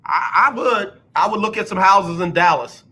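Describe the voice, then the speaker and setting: A man on sports talk radio with a bright, forceful voice that sits a little high for a man. He rants bluntly and hammers his points by saying them again and again. Now and then he drops into a mocking announcer impression. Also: lively intonation, normal speed, slightly rough. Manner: blunt, ranting, repeats himself for emphasis; mocks others with exaggerated announcer impressions. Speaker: radio show host. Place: radio studio.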